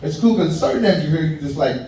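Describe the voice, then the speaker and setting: A man's voice: on the high side, expressive, quick pace, dark tone. A man from Kentucky doing a loose, conversational stand-up set, chatting with the crowd and laughing at his own jokes. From Kentucky, USA. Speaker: stand-up comedian. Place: small comedy venue. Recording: echoey room, mic heard from far.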